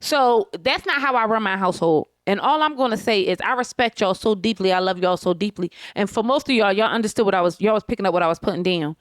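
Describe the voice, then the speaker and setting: Talking fast with few pauses in a mid-range voice, a woman co-hosts a podcast from her living room couch, swearing freely in blunt, emphatic rants during casual chat. The recording is clean studio sound with no echo.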